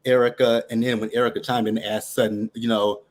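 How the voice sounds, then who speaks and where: A man's voice: mid-range voice, level tone, fast. Emphatic man firing off questions. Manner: emphatic, fires off rhetorical questions. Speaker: caller. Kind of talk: casual chat.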